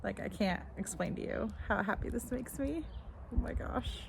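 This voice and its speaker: A woman around forty, vlogging from her garden, gushing with excitement and at times dropping to a whisper. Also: mid-range voice, normal speed, creaky, slight background noise, rough recording. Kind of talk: casual garden vlog. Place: outdoors in a home garden.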